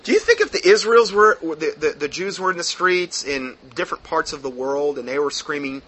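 A man's voice: a little high, expressive, brisk, a bit bright. A man reading a news article aloud and breaking off into heated, sarcastic commentary, with many fillers. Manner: reads aloud then breaks off into heated asides; frequent fillers and restarts, sarcastic mockery.

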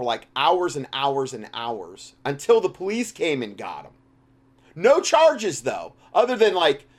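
A man hosting a talk show, giving an impassioned, rambling commentary full of restarts. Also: mid-range voice. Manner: impassioned, rambling, with frequent restarts and big swings in loudness. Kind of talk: religious political commentary monologue.

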